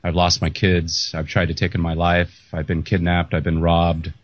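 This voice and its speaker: Deep-voiced middle-aged man, earnest host. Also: monotone, normal speed, no echo. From United States. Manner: candid, emotional, rambling with restarts. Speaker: podcast host. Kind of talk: earnest interview talk. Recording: muffled lo-fi audio.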